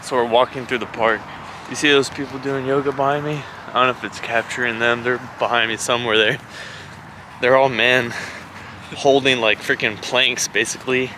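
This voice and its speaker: A man's voice: mid-range voice, steady tone, moderate pace. A man vlogging casually, teasing his friends and mock-announcing their dives outdoors in a city. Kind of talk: casual vlog chat and joking. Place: outdoors in a city, by a pool and in town. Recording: noisy outdoor ambience.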